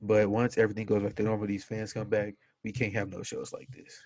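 Male podcast co-host, low-pitched, emphatic ranter, dry close mic. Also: little pitch movement, fast, darkish tone, no room sound. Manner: ranting, emphatic, repeats words. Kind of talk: casual podcast chat.

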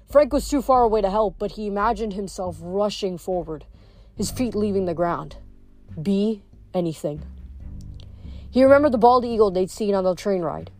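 A woman reading chapters of a novel aloud, measured, with occasional small stumbles over words. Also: medium pitch, animated, dark tone, soft background music. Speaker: audiobook reader.

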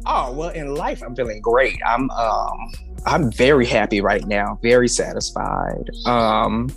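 A man's voice: medium pitch, measured pace, gravelly, soft background music. A man from St. Louis, Missouri, a drag performer chatting as a guest from a busy home, easygoing and laughing often. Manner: easygoing, laughs often, many fillers and restarts. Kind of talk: casual interview chat.

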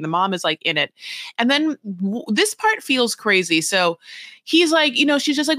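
A woman's voice: mid-range voice, big pitch swings, normal speed, bright, forceful tone, no room sound, studio quality. A woman co-hosting a podcast, recapping a reality show in a rambling, sarcastic chat full of "like" and "you know". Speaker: podcast co-host.

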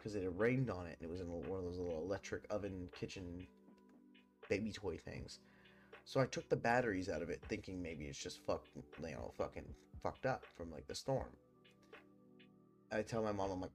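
A young man hosting a podcast rambles through a casual personal ghost story, swearing a lot and using plenty of fillers. His deep voice is expressive and a little fast, with soft music in the background.

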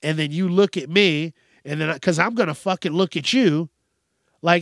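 Podcast host, male, exasperated rant delivery, raspy fry in the voice, slightly high-pitched. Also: normal speed, a bit bright, no echo, studio quality. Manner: profane, exasperated, mimics people in high voices. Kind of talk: casual ranting monologue.

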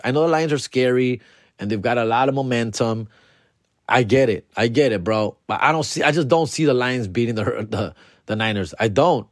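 A young man hosting a casual solo podcast. He talks loosely and profanely, full of slang, and mumbles while he searches through his notes. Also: mid-range voice. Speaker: podcast host.

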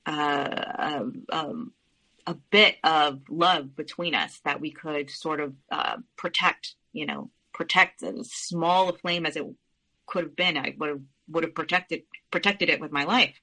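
A woman's voice: low voice, pushed and bright, rough recording. A woman as a podcast guest, telling a personal family story in an earnest, candid way with frequent restarts.

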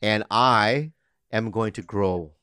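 A man co-hosting a casual comedy podcast, talking in animated, defensive bursts with many restarts and some swearing. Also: fairly low pitch, slow pace, clean tone, no echo, clean studio sound. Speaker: podcast co-host. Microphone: studio mic.

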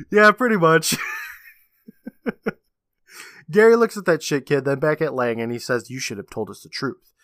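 A man's voice: on the high side, slow, pauses often, a bit bright, dry recording, clean studio sound. A man co-hosting a podcast, animatedly retelling a TV episode in casual chat and laughing often. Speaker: podcast co-host.

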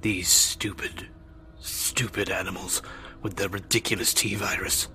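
A man voicing a genial older male mad scientist turned fanatic, speaking softly and often in a whisper. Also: deep voice, flat delivery, unhurried, faint music behind, exaggerated voice. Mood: menacing.

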